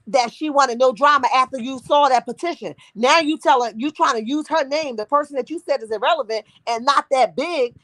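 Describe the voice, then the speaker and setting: A woman's voice: sits high, a bit bright, no echo. A woman hosting a casual live-stream gossip chat, sassy and talkative, calling her viewers honey and boo.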